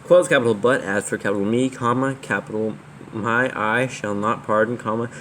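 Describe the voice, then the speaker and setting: A man proofreading scripture aloud, calling out capitals, commas and quotes as he reads, slowly and carefully. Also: mid-range voice, steady tone, a bit bright, a little hiss or hum. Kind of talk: dictating text with punctuation.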